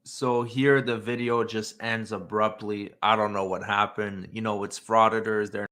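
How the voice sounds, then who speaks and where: A man's voice: lowish voice, flat delivery, a little slow, fairly bright tone. A man co-hosting a commentary show, making dry, mocking remarks.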